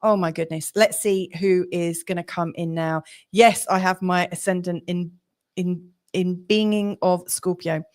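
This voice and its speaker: A woman's voice: on the low side, fairly even intonation, unhurried, a little mellow. A woman hosting a live-streamed astrology reading, chatty and rambling with lots of fillers, sympathetic and encouraging toward her viewers.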